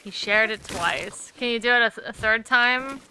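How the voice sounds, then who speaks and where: Teasing higher-voiced woman over game music. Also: moderate pace, pushed and bright, a little hiss or hum. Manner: playful, teasing, giggly. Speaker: co-host watching a game. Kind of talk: casual gameplay chat.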